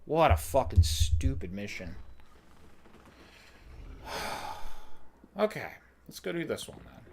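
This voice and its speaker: A man's voice: mid-range voice, big pitch swings, takes it slowly, a little mellow, slight background noise. A young man giving casual commentary while playing a video game, ranting and swearing in frustration. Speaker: let's play gamer.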